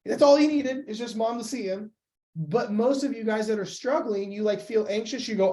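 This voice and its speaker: A young man talking as a podcast guest and weight-loss coach, emphatic and animated in casual conversation. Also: high voice, normal speed. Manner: emphatic, animated, acts out quoted voices.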